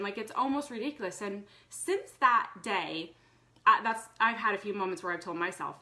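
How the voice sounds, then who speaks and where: A woman's voice: medium pitch, moderate pace, sharp tone. A woman in her thirties talking casually to her viewers, earnest and chatty with many fillers. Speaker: vlogger. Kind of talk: casual live talk to viewers.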